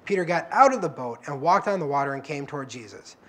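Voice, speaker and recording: A man's voice: on the high side, lively intonation, quick pace, a bit bright. A man preaching a sermon, telling the Bible stories in a conversational way and acting out the quoted lines. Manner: conversational, acts out quoted prayers and dialogue. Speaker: guest preacher. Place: church.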